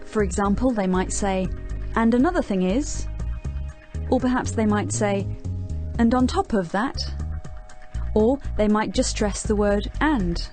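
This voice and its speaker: British woman narrating english tips, warm mellow tone, faint music underneath. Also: medium pitch, unhurried. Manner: clear, instructive. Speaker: presenter reading tips. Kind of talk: scripted educational narration.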